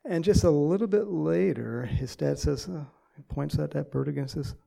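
A man preaching a sermon and telling a story, in a halting way with many pauses and filler sounds. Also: a little high, vocal fry, warm tone. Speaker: pastor.

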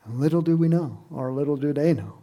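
A man's voice: fairly high pitch, fairly quick, dark tone. A man preaching a sermon in a conversational way, often asking his listeners questions. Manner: conversational, asks the congregation questions, laughs.

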